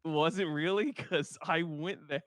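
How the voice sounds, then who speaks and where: A man's voice: a little high, steady tone, a little slow. A young man with a groggy morning voice, chatting in a roleplay game and stammering as he rambles. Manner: stammering, rambling, self-amused. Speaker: roleplay player. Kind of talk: casual roleplay chat.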